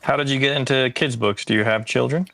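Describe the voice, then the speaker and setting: A man's voice: mid-range voice, steady tone, quick pace, creaky, sharp tone, no room sound. A man hosting a podcast interview, asking curious, brief questions in a casual tone. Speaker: podcast host.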